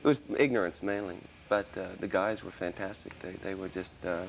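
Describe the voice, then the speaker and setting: Low-voiced man with faint Australian traces. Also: a little fast, a crowd in the background. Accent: mostly American, traces of Australian. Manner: rambling, many restarts and fillers. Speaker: interview guest, musician and actor. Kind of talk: casual interview talk.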